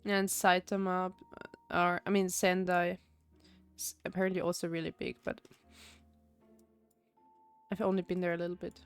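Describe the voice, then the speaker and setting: A woman's voice: fairly low pitch, level tone, normal speed, long pauses, smooth, faint music behind. A young woman from Austria, chatting casually while streaming a game, rambling with many fillers and restarts. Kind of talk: casual gameplay chat.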